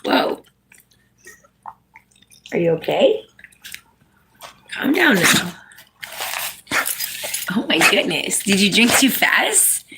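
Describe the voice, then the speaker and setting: A woman's voice: mid-range voice, sing-song, drawn-out words, long pauses, very noisy. A woman hosting a casual live stream, chatting with viewers, reading out their comments and coaxing her dog to sit.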